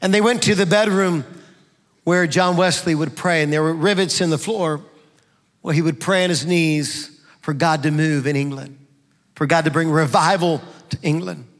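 A middle-aged man preaching a fervent sermon in a church, building to shouts. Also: on the high side, fairly even intonation, normal speed. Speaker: pastor. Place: church sanctuary. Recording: long reverb of a large hall.

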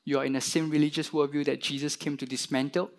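A man preaching a sermon, retelling a parable and acting out its characters with lively emphasis. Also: on the high side, quick pace. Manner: animated, voices the parable's characters with rising emphasis. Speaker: pastor.

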